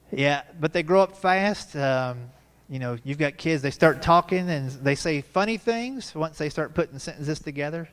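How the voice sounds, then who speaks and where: A man in his fifties works through a stand-up set with a folksy, storytelling delivery and quick punchlines. His voice sits a little higher than most men's. He is performing live in a church hall. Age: 50s. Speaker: stand-up comedian.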